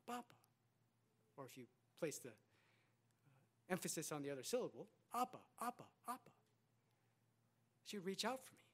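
Casting note: man in his thirties, earnest preacher, repeats lines and asks rhetorical questions. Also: high voice. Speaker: pastor. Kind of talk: sermon.

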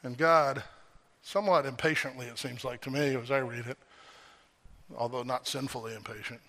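A male pastor preaching a sermon at a church service, animated and emphatic, throwing out rhetorical questions to the congregation. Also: mid-range voice, normal speed.

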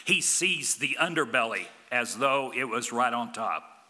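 A man preaching a sermon as a pastor, emphatic, with big swings from loud declarations to quiet, low lines. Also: lively intonation, measured pace, long reverb tail.

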